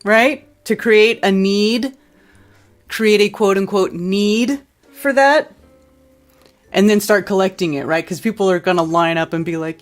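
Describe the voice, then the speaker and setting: A woman's voice: medium pitch, unhurried. A woman hosting a call-in talk show, chatting and answering callers with short, encouraging replies. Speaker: host. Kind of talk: casual phone-in talk show.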